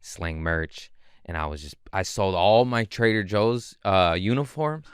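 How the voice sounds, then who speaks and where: A man, a comedian guest, telling stories casually and animatedly, swearing and acting out quotes in high voices. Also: very animated, moderate pace, smooth, no room sound, studio quality. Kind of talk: casual storytelling.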